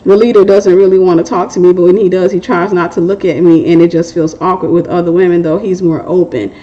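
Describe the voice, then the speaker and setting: A woman's voice: fairly low pitch, fairly even intonation, quick pace, warm tone, dull audio. A middle-aged woman hosting a Christian relationship Q&A, giving casual testimony and advice in a candid, joking way and laughing at herself.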